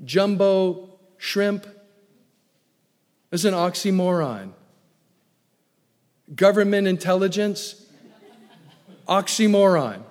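A man preaching a sermon as pastor, swinging from booming emphasis to low asides. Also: animated, slow pace, pauses often. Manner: preaching with wide swings in loudness, booming then dropping low. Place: church sanctuary. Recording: long reverb of a large hall.

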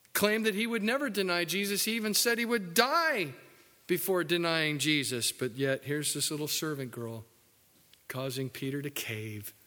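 A male pastor preaching a folksy, joking sermon, dropping low and soft for the solemn points. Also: long reverb tail.

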